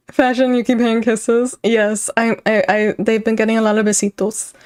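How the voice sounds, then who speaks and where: A young woman streamer chatting casually with her chat, her voice sitting a little high. She rambles from thought to thought and keeps dissolving into giggles. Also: flat delivery, moderate pace, darkish tone. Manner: giggly, laughs often, rambling.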